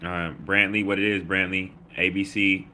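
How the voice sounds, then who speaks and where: Low, bright-voiced man. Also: level tone, normal speed, a little hiss or hum. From Baltimore. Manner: loose, slangy, reads chat comments aloud with shout-outs. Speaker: livestream host. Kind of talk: casual livestream chat.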